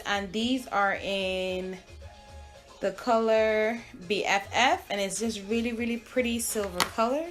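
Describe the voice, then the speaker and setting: Chatty young woman, Barbadian-American accent. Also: on the high side. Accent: Barbadian mixed with American. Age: young adult. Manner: chatty, relaxed, with fillers. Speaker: beauty vlogger. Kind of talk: casual makeup tutorial.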